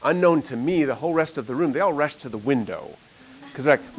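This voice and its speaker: A man's voice: fairly high pitch, animated, moderate pace, pauses often, fairly bright tone, poor audio. A middle-aged man, a math teacher, telling a story in a classroom, rambling with lots of fillers and frequent laughs. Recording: faint hiss.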